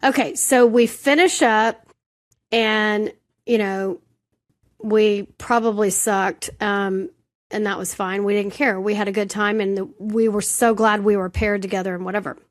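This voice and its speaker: A woman co-hosting a podcast, telling a personal story in casual chat, animated and self-deprecating. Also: medium pitch, unhurried. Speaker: podcast co-host.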